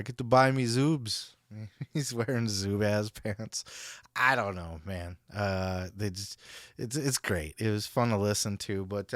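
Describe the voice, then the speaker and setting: A man hosting a podcast, talking loosely and with lots of energy, swearing and chuckling as he goes. His voice sits at an average pitch and sounds dry and close, with no room sound around it. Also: smooth, no room sound. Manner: animated, profane, laughing asides. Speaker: podcast host. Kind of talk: casual podcast commentary.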